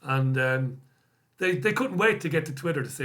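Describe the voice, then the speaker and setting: Blunt, bright-voiced man. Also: fairly high pitch, animated, moderate pace. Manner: blunt, swears freely, reads comments aloud and answers them. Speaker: host. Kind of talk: live-stream commentary reading viewer comments.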